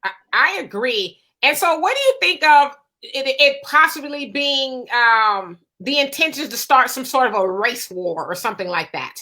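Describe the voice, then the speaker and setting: A woman's voice: high-pitched, lively intonation, moderate pace, pushed and bright. A woman hosting a casual interview, chatty and full of fillers as she asks questions. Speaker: host.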